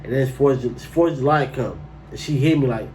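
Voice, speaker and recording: A man's voice: medium pitch, brisk, distant mic, slight background noise, low-quality recording. Slangy man telling a storytime. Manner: animated, slangy, incredulous outbursts. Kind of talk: casual storytime monologue.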